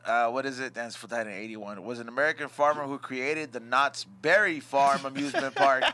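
A man's voice: mid-range voice, steady tone, brisk, sharp tone. A man hosting a casual podcast chat, laid-back and slangy, swearing often. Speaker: podcast host.

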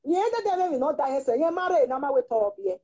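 Woman on the phone, high but mellow voice, mostly short mms and quick replies, tinny sound. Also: lively intonation. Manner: answers with short murmurs and brief replies. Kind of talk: casual phone conversation.

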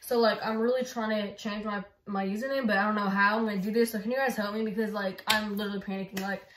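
A woman's voice: medium pitch, fairly even intonation, quick pace, a bit bright. A woman chatting casually to her viewers in a rambling way, full of fillers, recorded on a phone. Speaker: YouTuber. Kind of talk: casual vlog chat. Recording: roomy with background music.

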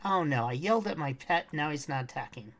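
A woman's voice: sits low, animated, fairly quick. A woman streaming a game walkthrough, chatting casually to her viewers and her in-game pet, sometimes humming or singing snatches. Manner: chatty, talks to her pet and chat, hums and sings snatches.

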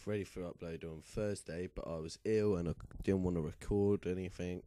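A young man hosting casual gameplay commentary with a lingering cough, chatty and quick to get excited. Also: deep voice, dry recording, studio quality. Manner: chatty, excitable when reacting. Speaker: gaming channel host.

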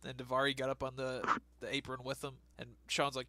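A man's voice: mid-range voice, level tone, fast talker, sharp tone, dry recording. A young man co-hosting a podcast, recounting events in an amused way and laughing often. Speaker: podcast co-host. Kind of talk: casual podcast chat.

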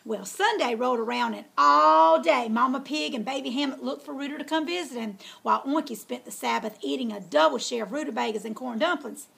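A woman's voice: high-pitched, a little fast, gravelly, hardly any pauses, a bit bright, husky. A woman reading a children's story aloud in a folksy, drawling way.

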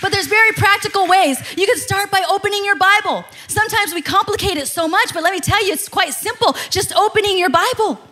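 A woman in her thirties preaches with a very high voice. Her tone is bright and forceful. She keeps it conversational and animated, with frequent laughs. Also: fairly quick, hardly any pauses. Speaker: pastor. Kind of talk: sermon.

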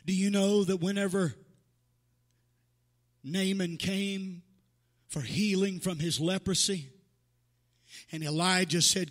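A man's voice: high-pitched, fairly even intonation, measured pace, pauses often, fairly bright tone, in a large hall. A male pastor preaching a sermon to his congregation. He builds in fervor, acts out the voices of the people in his stories and calls to members by name. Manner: preaching with rising fervor, acting out quoted voices. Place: church sanctuary.

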